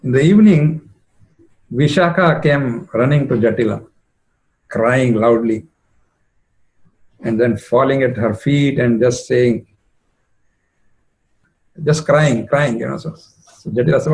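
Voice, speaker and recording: A man's voice: medium pitch, slow pace, long pauses, a little mellow, low-quality recording. Conversational male preacher telling a story. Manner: conversational, many "you know" fillers. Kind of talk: devotional storytelling talk.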